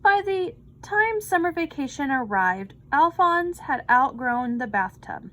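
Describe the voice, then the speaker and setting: Woman reading a picture book aloud, expressive, slow, high voice. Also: rough recording. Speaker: storybook reader.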